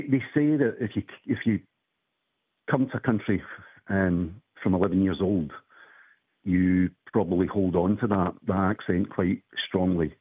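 A low, husky man on a tinny phone line, telling family stories slowly and hesitantly with lots of ums. The sound is dry and narrow-band. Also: no room sound. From Scotland. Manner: reflective, hesitant with many ums. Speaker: caller.

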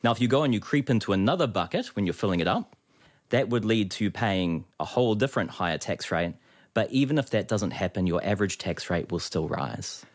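Deep-voiced New Zealand man explaining calmly. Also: a little fast, no echo, studio quality. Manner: calm explanatory. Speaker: guest economist. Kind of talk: radio interview.

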